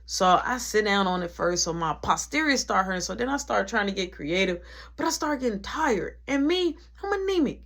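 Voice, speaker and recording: A young man telling a personal story in a casual storytime, animated and acting out each voice he quotes. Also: high voice, moderate pace, creaky. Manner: animated, acts out every quoted voice.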